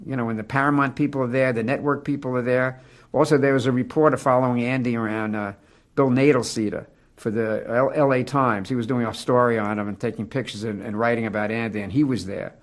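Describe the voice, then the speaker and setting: A man's voice: medium pitch, steady tone, fast. A man recounting a past studio incident in loose, rambling conversation. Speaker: interviewee recalling a studio incident. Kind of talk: conversational recollection.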